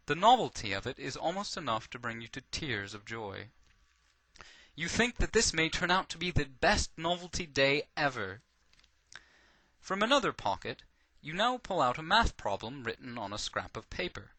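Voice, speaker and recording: Guy reading a funny short story, lively ups and downs, bright and dry. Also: medium pitch, normal speed, dry recording. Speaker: narrator.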